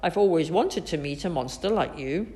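A woman voicing a fearless, excitable small boy who calls out loudly. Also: on the low side, moderate pace, natural voice. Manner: excited, loud.

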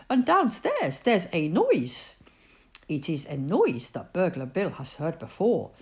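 Slow, low-voiced woman reading a story. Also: darkish tone. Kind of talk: children's storybook read-aloud.

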